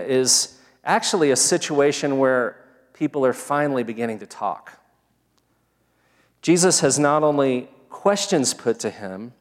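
A man preaching a sermon, opening with a prayer, talking in a measured, earnest way that builds each point in short phrases. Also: a little high. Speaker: pastor. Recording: long reverb of a large hall.

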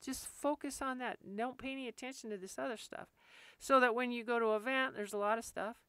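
A woman hosting a podcast on training retriever dogs, talking in a direct, practical way and acting out quick asides. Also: a little high, fairly even intonation, a bit bright, clear, resonant tone, no room sound. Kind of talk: casual instructional podcast talk.

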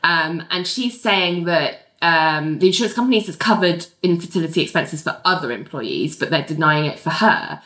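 A woman co-hosting a podcast, recapping a TV episode in casual chat, talking in an animated way with lots of fillers and giggly asides. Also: deep voice, moderate pace, hardly any pauses, roomy sound.

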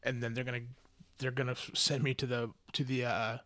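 A man's voice: medium pitch, little pitch movement, brisk, bright, forceful tone, dry recording. A young man hosting a podcast, telling a long story casually, with lots of fillers and frequent swearing. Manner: rambling storyteller, swears often, many fillers. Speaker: podcast host. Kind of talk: casual chat.

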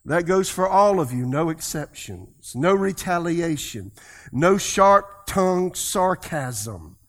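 A pastor preaching a sermon, leading the congregation in call-and-response and swinging his voice between loud and soft. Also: on the high side, expressive, takes it slowly.

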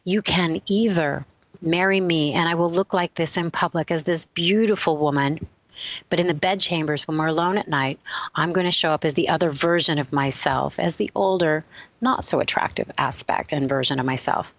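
A calm, wise noblewoman from an old legend, as a woman storyteller puts her on. She speaks slowly and deliberately, low-voiced and composed. The sound is close and dry. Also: no echo, highs cut off. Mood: calm, assured. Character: proud hag-turned-beauty noblewoman, calm and wise.

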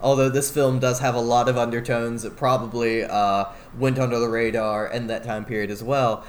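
A man's voice: mid-range voice, flat delivery, moderate pace. Chatty male podcast co-host. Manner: enthusiastic, rambling with fillers. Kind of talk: casual podcast discussion.

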